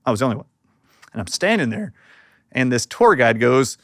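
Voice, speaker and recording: A man's voice: medium pitch, animated, quick pace, fairly bright tone, no room sound. Man telling a story in a dry, close sound. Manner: acts out quoted voices while telling a story. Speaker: interview guest. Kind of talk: animated storytelling in an interview.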